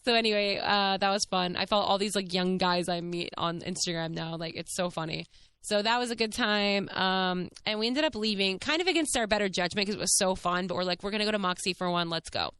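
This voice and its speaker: A woman in her thirties hosting a podcast, telling a story in a chatty, animated way, laughing often and swearing casually. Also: medium pitch, fairly quick, smooth. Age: 30s. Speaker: podcast host.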